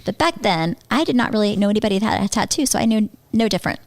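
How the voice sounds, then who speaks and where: Woman podcast host, animated self-mocking storyteller, casual chat, dry close mic. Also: medium pitch, racing, no room sound.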